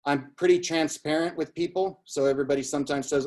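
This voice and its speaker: A man's voice: on the high side, fairly even intonation, fast talker, darkish tone. A man speaking as a guest business coach, giving an emphatic motivational talk with a repetitive, storytelling manner.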